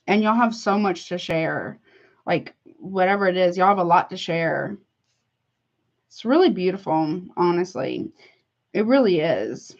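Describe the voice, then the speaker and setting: A woman's voice: fairly low pitch, lively intonation, a little slow, gravelly. A woman doing a casual tarot reading for her viewers, chatty and heartfelt, calling listeners honey. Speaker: tarot reader. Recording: slightly dull lo-fi audio.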